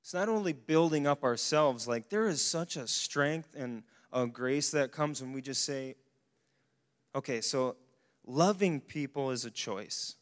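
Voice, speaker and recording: Animated young man preaching in a hall. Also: medium pitch, unhurried. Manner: casual, animated preaching with exclamations. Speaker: young adults speaker. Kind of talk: sermon. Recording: long hall reverb.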